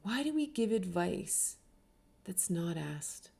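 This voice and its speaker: Earnest woman with a mellow voice. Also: fairly low pitch, big pitch swings, takes it slowly, gravelly. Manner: earnest, uses many rhetorical questions and tags with "right?". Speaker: spiritual teacher and author. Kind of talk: reflective teaching talk.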